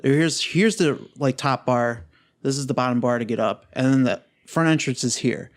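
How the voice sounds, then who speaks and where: A man in his twenties co-hosting a casual podcast chat, telling stories in a profane, animated way. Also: medium pitch, moderate pace. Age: 20s. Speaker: podcast co-host.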